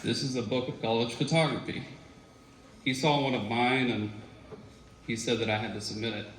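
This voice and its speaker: A man's voice: medium pitch, steady tone, moderate pace, a bit bright. A man, a former student, telling casual stories at a memorial tribute, talking conversationally with fillers and quoted voices. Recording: echoey room with faint noise.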